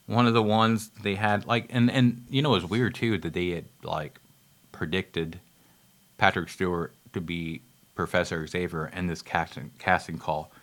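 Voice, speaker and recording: A man with a very low voice talks loosely about a movie, stumbling through fillers and restarts. He drifts off on tangents and laughs at his own slips, with an easy, offhand swear here and there. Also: sharp tone. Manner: rambling, many fillers and restarts, laughs at himself; swears casually. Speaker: film reviewer. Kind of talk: rambling casual movie talk.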